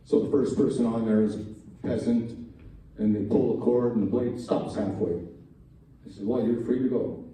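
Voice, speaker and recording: A man with a low, very mellow voice tells jokes at a college talent show in an easy, folksy stand-up style, using small voice shifts for each character. He speaks at normal speed with fairly even intonation and long pauses. He's heard from far off in a strongly echoing hall, with faint room noise and audience laughs.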